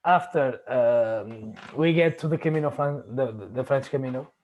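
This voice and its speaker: A man hosting a casual chat, telling personal stories haltingly, often searching for words and restarting. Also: mid-range voice, dull audio. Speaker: podcast host.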